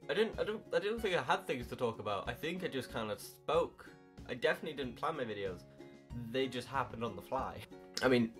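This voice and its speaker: A young adult in their early twenties, chatting casually to camera in a rambling, self-mocking way with casual swearing. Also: mid-range voice. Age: early 20s. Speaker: YouTuber. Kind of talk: casual vlog chat.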